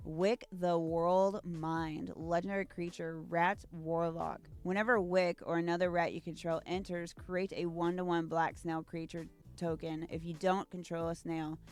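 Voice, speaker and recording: A woman's voice: lowish voice, little pitch movement, unhurried, few pauses, darkish tone, smooth, soft background music. A young woman opening trading card packs at home, gushing over the art and reading card text aloud. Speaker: card-unboxing YouTuber. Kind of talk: casual card unboxing commentary.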